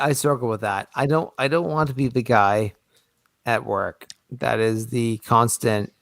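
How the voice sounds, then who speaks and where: A man's voice: mid-range voice, a bit bright, no echo. A man talks in a loose, rambling way, stumbling over repeated words and correcting himself mid-thought. His voice is dry and close to the mic, with no room sound around it, and sits in a middling register. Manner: rambling, many restarts and self-corrections. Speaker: podcast guest, small business owner. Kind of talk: casual chat.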